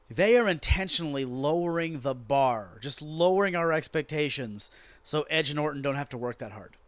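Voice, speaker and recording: On a dry recording, a man with a voice on the high side hosts a podcast. He recaps a wrestling show through an exasperated, sweary rant, telling it like a story with animated energy.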